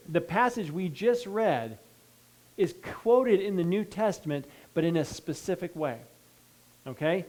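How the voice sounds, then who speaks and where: Pastor guy preaching, goes quiet then booms, keeps checking in with the crowd. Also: low-quality recording. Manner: preaching with emphatic swings from hushed to loud; reads scripture then breaks in with asides and checks like "okay?". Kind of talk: sermon.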